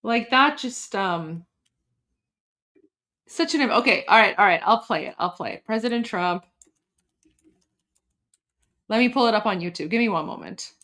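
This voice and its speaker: A woman from Iran chatting on a casual livestream, emotional and halting, with many restarts and repetitions. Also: mid-range voice, animated, pushed and bright. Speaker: livestream host.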